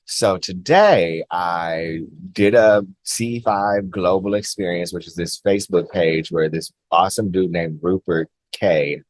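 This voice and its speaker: A man vlogger earnestly recounting a personal experience, halting and repeating himself with many likes and restarts. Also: deep voice, no echo. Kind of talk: personal storytelling to camera.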